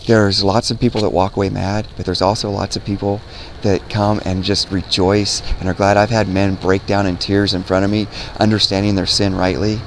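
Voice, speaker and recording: A man's voice: fairly low pitch, level tone, moderate pace, slight background noise. A man preaching earnestly outdoors to young people, repeating himself, quoting scripture and asking "right?". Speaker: street preacher. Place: outdoors by a road.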